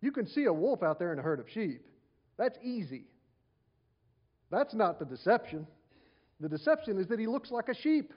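A man's voice: sits high, sing-song, moderate pace, long pauses, highs cut off. Man preaching a conversational sermon. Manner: conversational preaching with rhetorical questions and repeated phrases. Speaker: pastor.

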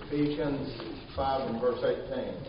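Emphatic pastor in an echoey church. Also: male voice, medium pitch, fairly even intonation, a little slow, noisy background. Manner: emphatic, repeats phrases, many "uh" fillers. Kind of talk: sermon. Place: church sanctuary. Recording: echoey church from far off, dull.

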